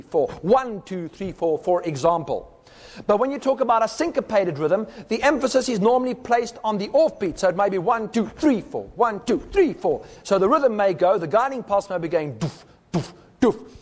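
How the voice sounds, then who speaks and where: Man, high voice, teaching talk, step-by-step explaining, long reverb. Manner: explains step by step, demonstrates rhythms with sounds. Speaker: speaker.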